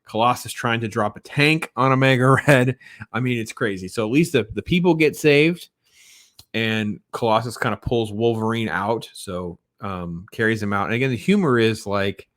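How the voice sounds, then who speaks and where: A man casually reviewing an animated episode, enthusiastic and rambling, with many fillers and restarts. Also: medium pitch, moderate pace, no echo, clean studio sound. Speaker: show reviewer.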